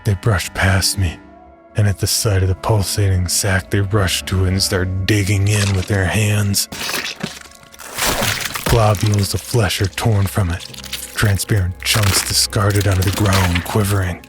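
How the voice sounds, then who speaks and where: A man with a deep voice tells a horror story in the first person, keeping his delivery grim and measured. His tone stays low and flat. Music plays clearly beneath his narration.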